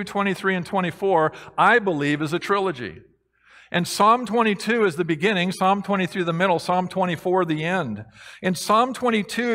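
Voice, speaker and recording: A man preaching a sermon as a pastor, moving between hushed reflection and excited proclamation. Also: high voice. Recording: long hall reverb.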